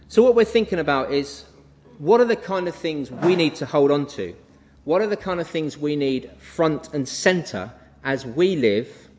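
A male preacher delivering an expository sermon at an ordinary middle pitch. He reads scripture aloud and unpacks it line by line. His delivery swells with emphasis and then falls away quietly. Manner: expository, reading and explaining scripture verse by verse; emphatic, with rising and falling delivery.

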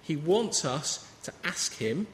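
A man's voice: fairly high pitch, expressive, slow, a bit bright, slight background noise. Man preaching in an echoey hall. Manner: conversational, anecdotal preaching. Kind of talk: sermon. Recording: reverberant hall with faint ambience.

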